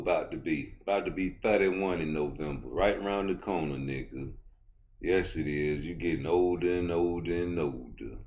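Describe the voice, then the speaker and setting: A man's voice: low-pitched, normal speed. A middle-aged man with a Baltimore accent, giving a blunt, profane, swaggering boxing rant as a YouTube commentator. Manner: blunt, profane, swaggering street talk, rising loud when heated. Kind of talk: casual opinion rant.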